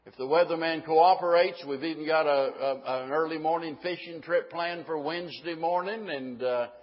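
A man with a high, slightly husky voice delivers a sermon, talking with his congregation in a folksy way. He turns emphatic on key points. The sound is dull, with a long echo. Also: moderate pace. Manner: folksy, rising to emphatic preaching. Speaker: pastor.

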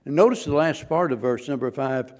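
A man's voice: mid-range voice, a little fast, a little mellow. A man preaching a sermon as pastor, earnest and questioning, pressing his listeners with rising, emphatic points.

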